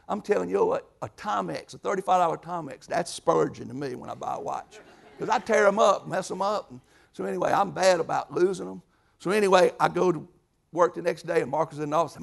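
A man preaching a sermon, telling folksy stories and swinging from soft asides to loud bursts. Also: a little high, a little fast, vocal fry.

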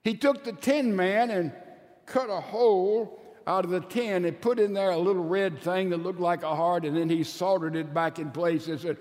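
A man with a high-pitched voice preaches a sermon, retelling a story with emphatic, storytelling energy. He slows down to stretch out the words he wants to land. His voice rings with the long reverb of a large hall. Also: fairly even intonation, darkish tone.

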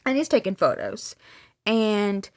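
Woman podcast host, casual storytelling, acts out quotes, mid-pitched voice. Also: unhurried. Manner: animated retelling, acting out quoted dialogue, casual swearing.

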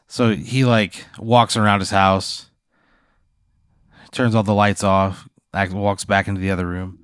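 A man with a fairly low voice narrates an improvised scene in a deadpan, step-by-step way. He talks casually as the host. The sound is close and dry, with no room echo. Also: unhurried, clear, resonant tone. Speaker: host running an improvised scenario.

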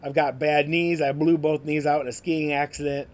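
A man's voice: fairly high pitch, level tone, moderate pace. A man hosting a podcast, telling his personal faith story in a casual, conversational way with many fillers. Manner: conversational, full of "like" and "you know" fillers. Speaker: podcast host sharing his ministry story.

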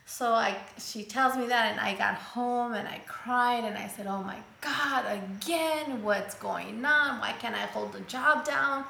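Woman storyteller, gravelly edge, casual and expressive, switches languages freely, roomy sound. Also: a little high, unhurried, few pauses, a little hiss or hum. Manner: switches between English and Spanish mid-sentence; acts out quoted voices, turns emotional.

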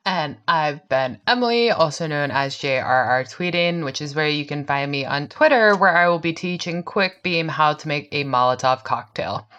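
A woman's voice: deep voice, animated, moderate pace, few pauses, fairly bright tone, muffled recording. A woman co-hosting a podcast, chatting casually with many fillers and frequent giggles. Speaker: podcast co-host.

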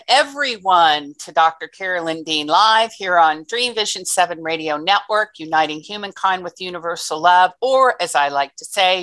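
A woman co-hosting a live call-in radio show, opening with gushing, emphatic praise. Her voice sits on the low side for a woman. The sound is dry and close, with no room around it. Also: moderate pace, hardly any pauses, a bit bright, dry recording. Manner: effusive, emphatic repetitions. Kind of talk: enthusiastic show introduction.

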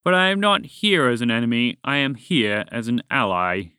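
A man's voice: medium pitch, sing-song, normal speed, pushed and bright, clean tone, no room sound, studio quality. A man voicing a huge male dragon who speaks with solemn gravity and insists he is super scary, in a children's storybook podcast. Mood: grave. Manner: solemn and self-important. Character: huge boastful male dragon, grave yet wants to seem scary.

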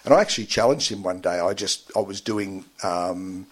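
A man, a guest in a radio studio interview, telling his story haltingly with many fillers and getting emotional at times. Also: deep voice.

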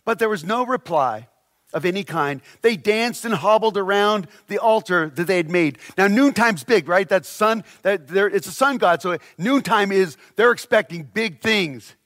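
A man's voice: high-pitched, lively intonation, normal speed, fairly bright tone. A pastor preaching a casual sermon. He reads scripture aloud and keeps asking "right?" between wry asides. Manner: conversational, asks "right?" often, adds wry asides.

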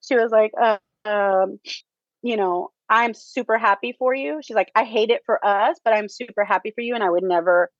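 Woman guest, casual and halting, lots of ums, dry dull-sounding recording. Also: medium pitch, no echo. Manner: halting, many fillers, laughs often. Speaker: theater teacher, interview guest. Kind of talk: casual interview chat.

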